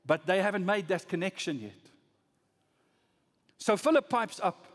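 A pastor preaching a sermon, swinging from loud rising emphasis to low, soft lines. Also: male voice, expressive, measured pace, big-room sound.

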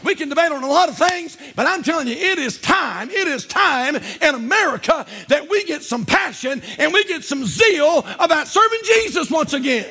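A pastor preaching a fervent sermon to his church, moving from shouted calls down to low, quiet asides. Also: lively intonation, normal speed, few pauses. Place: church sanctuary.

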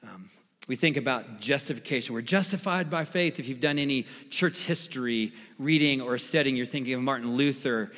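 A man preaching a sermon as pastor, emphatic, repeating key phrases and swinging between quiet and loud. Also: medium pitch, a little fast. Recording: long reverb of a large hall.

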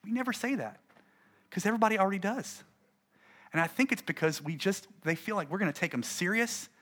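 A middle-aged man, a pastor, gives an animated, conversational talk to fellow preachers and acts out his stories. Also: high-pitched, brisk.

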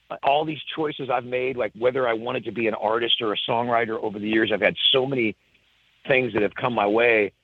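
A man's voice: medium pitch, gravelly, slightly rough, no room sound. A middle-aged man, a songwriter guest, telling stories in an interview with many repeats and restarts. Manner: animated storyteller, repeats words and restarts often. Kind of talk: storytelling in a podcast interview. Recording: tinny phone-like line.

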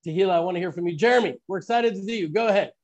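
A man's voice: high-pitched, rapid-fire, darkish tone, muffled recording. A man hosting a live online Bible teaching, posing earnest questions to his listeners.

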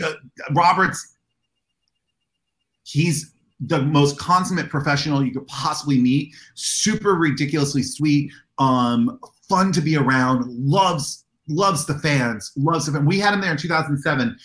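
A man's voice: on the high side, measured pace, reverberant, low-quality recording. A man being interviewed as a convention organizer, telling enthusiastic anecdotes and acting out the dialogue. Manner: animated, enthusiastic storyteller who acts out dialogue.

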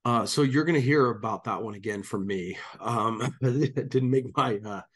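A man's voice: mid-range voice, moderate pace, slightly rough. Easygoing man co-hosting a podcast. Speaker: podcast co-host. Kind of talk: casual podcast chat.

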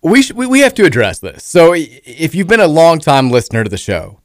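A man's voice: fairly high pitch, huge pitch swings, fairly quick, no echo. A man hosting a sports talk radio show, upbeat and teasing in casual chat. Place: radio studio. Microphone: studio microphone. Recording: dry studio sound.

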